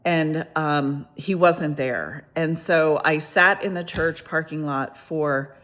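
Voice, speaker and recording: A woman with a slightly lower voice tells a personal story on her vlog. She rambles and restarts often, with lively, exclamatory asides. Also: slow pace, few pauses. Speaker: vlogger telling a personal story. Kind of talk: casual first-person storytelling.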